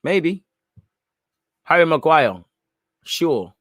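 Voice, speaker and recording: A man's voice: on the high side, very animated, drawn-out words, fairly bright tone, no echo, studio quality. A man hosting a live football watchalong, talking casually and with strong opinions about the play, often tacking "man" onto his phrases. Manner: reads chat messages aloud and reacts. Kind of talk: live casual match commentary.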